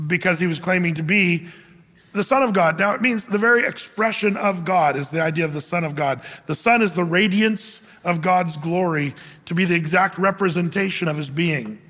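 A man's voice: sits high, moderate pace, a bit bright. A man preaching a sermon from a church stage, talking in a conversational, joking way and asking rhetorical questions. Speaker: pastor. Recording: long reverb of a church hall.

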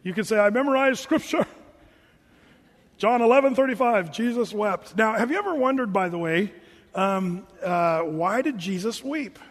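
A man preaching a sermon in a relaxed, conversational way, reading scripture and adding joking asides. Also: high-pitched, normal speed, long reverb tail.

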